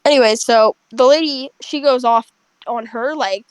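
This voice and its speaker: A young woman casually telling a rambling, animated story to friends over a headset. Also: high-pitched, moderate pace, smooth, dry recording, rough recording. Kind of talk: casual chat.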